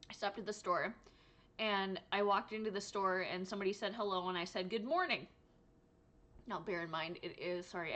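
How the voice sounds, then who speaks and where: A woman's voice: fairly low pitch, bright, forceful tone. A tired woman talking casually to camera about her day for her crochet channel, rambling and laughing often. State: exhausted. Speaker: crochet vlogger. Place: home room.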